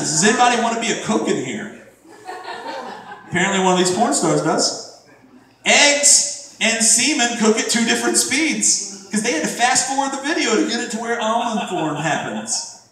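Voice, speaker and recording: A man's voice: very high voice, animated, normal speed, a bit bright, recorded from a distance. Profane male comic in an echoey room. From Florida, USA. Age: 30s. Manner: crude, rambling, profane storytelling. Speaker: stand-up comedian. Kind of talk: stand-up comedy set. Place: comedy club stage. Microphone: distant room mic.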